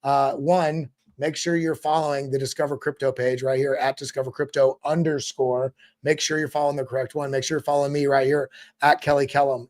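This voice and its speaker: A man's voice: mid-range voice, level tone, fairly quick. A man hosting a crypto show, giving a casual motivational talk that rambles and often repeats words.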